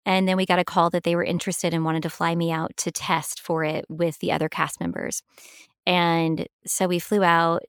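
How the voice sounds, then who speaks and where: A middle-aged actress talking in a relaxed, enthusiastic interview, laughing often. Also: female voice, on the low side, clean tone, dry recording, clean studio sound. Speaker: actress guest. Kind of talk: casual interview chat.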